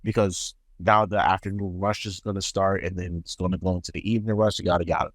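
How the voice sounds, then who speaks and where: A man with a lowish voice tells a story on a podcast, jumping up in pitch whenever he acts out what he said. The sound is close and dry, with no room around it. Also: fast talker, dry recording. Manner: animated storyteller, acts out his own quoted lines. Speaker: podcast co-host. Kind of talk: casual storytelling chat.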